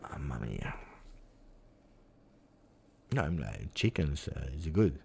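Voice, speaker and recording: A man's voice: a bass voice, very animated, slow, gravelly, background noise. A man with an Italian accent who hosts a football channel, chatting casually and rambling expressively on a live stream with lots of fillers.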